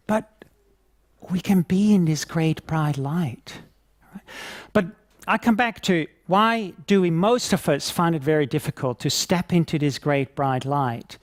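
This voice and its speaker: A man teaching Reiki at a conference, telling stories in a lively, laughing way and acting out scenes as he talks. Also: sits high, measured pace, dry recording, studio quality. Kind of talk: conference talk with anecdotes.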